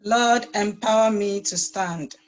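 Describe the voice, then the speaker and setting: A woman's voice: mid-range voice, slow, dull audio. A woman student reading lyric lines aloud in a class.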